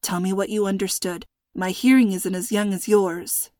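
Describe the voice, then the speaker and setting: A calm, worried dad who keeps his voice low and hushed, put on by a woman reading aloud. The sound is close and dry, as in a storybook reading. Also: normal speed, no echo, close to an everyday voice. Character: calm worried middle-aged father.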